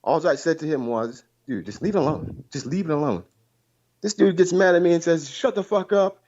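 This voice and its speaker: A man's voice: a little high, brisk, darkish tone, lo-fi sound. A man calling in to a live talk show, telling a long story in a rambling, profane way over a call line. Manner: rambling, profane, repeats himself. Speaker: caller.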